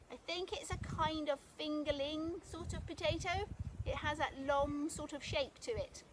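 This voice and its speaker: A woman's voice: high-pitched, a bit bright, a little hiss or hum. A woman casually narrating as she digs in her garden, chatty and thinking aloud. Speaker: gardening vlogger. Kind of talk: casual narration while digging. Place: garden outdoors.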